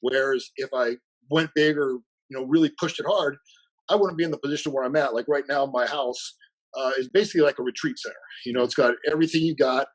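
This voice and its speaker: A man's voice: medium pitch, fairly even intonation, fast, poor audio. A man being interviewed as a coach, chatting casually and animatedly, acting out bits of dialogue and laughing often. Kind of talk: casual conversational storytelling.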